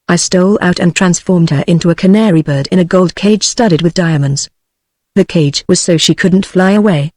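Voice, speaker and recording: A text-to-speech woman's voice with a British accent, reading a book aloud in an even, unhurried way. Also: fairly low pitch, no echo, studio quality. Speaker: narrator. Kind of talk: audiobook reading.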